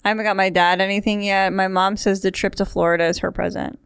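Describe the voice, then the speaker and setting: A woman's voice: medium pitch, little pitch movement, quick pace, creaky, clean tone, no room sound. A woman hosting a podcast, talking casually in a rambling, chatty way with wry asides, recorded in a studio. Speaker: podcast host. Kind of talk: casual chat.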